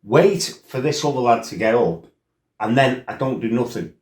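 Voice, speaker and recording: A man's voice: medium pitch, animated, moderate pace. A middle-aged man, a former kickboxer, telling stories from his life in a blunt, rambling way, full of "you know" and "right?". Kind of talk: casual spoken storytelling. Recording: roomy echo.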